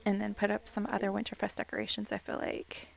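A woman giving excitable game commentary, reacting with quick exclamations and playfully scolding the characters on screen. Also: mid-range voice, gravelly. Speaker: let's play gamer.

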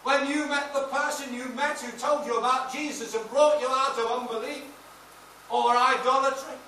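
A man in his sixties, a pastor preaching a sermon in a large church, mixing personal stories with emphatic, shouted praise. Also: extremely high pitch, fairly even intonation, normal speed, slight background noise. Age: 60s. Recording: echoey hall, mic off at a distance.

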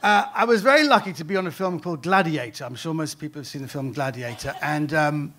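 A British man, a comedian, telling a true story on stage in an animated, self-deprecating way. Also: a little high, fast. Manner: animated, self-deprecating, laughing through lines. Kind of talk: live comic storytelling. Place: on stage at a live storytelling event.

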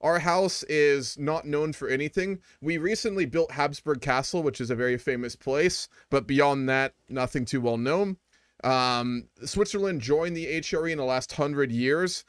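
A man's voice: on the high side, normal speed, no room sound, clean studio sound. A young man streaming a strategy game, chatting casually with viewers and rambling with fillers. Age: young adult. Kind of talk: casual live-stream commentary.

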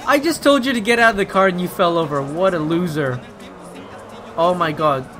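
A young man hosting casual gameplay commentary, excitable and swearing, ranting at the characters on screen. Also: sits high, normal speed, music in the background. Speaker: gaming video host.

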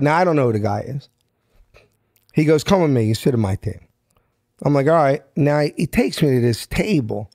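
Brief: Philadelphia-accented man in his fifties, slightly high voice, animated storyteller, dry close sound. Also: no echo. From South Philadelphia. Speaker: guest. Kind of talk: storytelling in a podcast interview.

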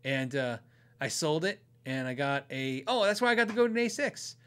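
A man's voice: a little high, big pitch swings, normal speed, a bit bright, clear, resonant tone. A man hosting a podcast, telling stories in a rambling, casual way and chuckling often. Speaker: podcast host.

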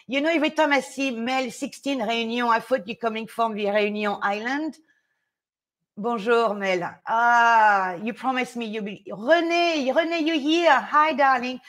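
A woman, a fashion stylist chatting casually with viewers on a live stream, excitable, nervous and laughing often. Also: a little high.

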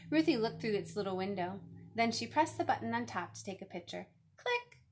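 A woman reading a children's picture book aloud, expressive and lively. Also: medium pitch, brisk, a little hiss or hum. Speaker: reader.

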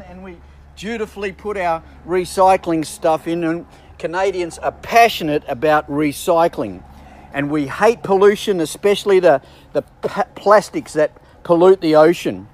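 Aussie bishop guy giving a sermon, kinda high voice, jokey and chatty. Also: measured pace, darkish tone. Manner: chatty, self-deprecating humor with asides. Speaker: bishop preaching.

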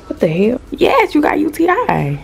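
A woman's voice: high-pitched, huge pitch swings, normal speed, gravelly, background noise. A young woman vlogging in a casual, swear-heavy chat, talking straight to the camera about her dog and her day.

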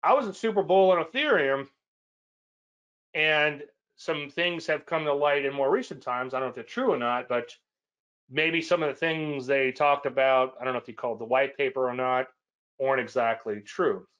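A man's voice: mid-range voice, moderate pace, fairly bright tone, lo-fi sound. A man hosting a weekly trading show, chatting casually and rambling through charts with self-deprecating asides. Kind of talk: casual webinar chat.

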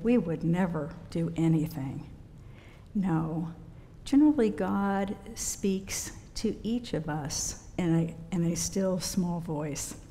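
A woman rector preaching a sermon in a church, gentle and unhurried, with pauses. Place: church sanctuary. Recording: long church reverb, faint rumble.

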